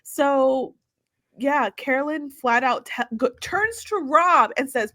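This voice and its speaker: Bright, high-voiced woman podcast host. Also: animated. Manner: chatty, quick to joke. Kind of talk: casual recap chat.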